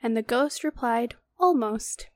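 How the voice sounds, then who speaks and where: Woman reading a book aloud, fairly high. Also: moderate pace, no echo. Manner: reads steadily, stops to comment and laugh. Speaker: podcast co-host.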